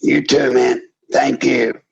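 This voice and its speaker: An older man with a gravelly, husky voice hosts a call-in radio show, slow and deliberate but fiery and preachy, climbing into shouts. The sound is dull and lo-fi. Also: mid-range voice, little pitch movement. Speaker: radio talk show host. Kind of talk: impassioned call-in radio talk. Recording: dull lo-fi broadcast audio.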